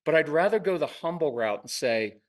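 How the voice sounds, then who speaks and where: A man talking casually in an interview, telling lively parenting stories and acting out parents and kids in quick asides. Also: fairly high pitch, far from the mic. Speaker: parenting podcast host and guest expert. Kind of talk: conversational interview.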